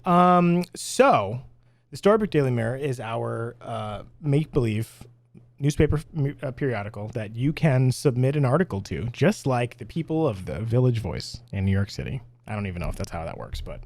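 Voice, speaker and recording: A woman's voice: extremely low pitch, lively intonation, normal speed, darkish tone. A woman co-hosting a casual podcast, talking in a rambling, giggly way with lots of fillers. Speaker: podcast co-host.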